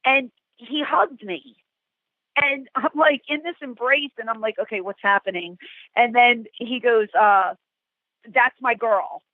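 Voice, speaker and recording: A middle-aged woman, a guest, telling animated stories and acting out the quotes. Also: a little high, unhurried, dry recording. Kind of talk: storytelling interview. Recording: tinny phone-like call, dry.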